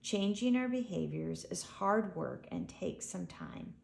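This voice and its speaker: A woman voicing a calm, empathetic female animal who speaks softly and gently in a storybook. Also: mid-range voice. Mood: soothing. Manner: soft, slow, soothing. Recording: echoey room.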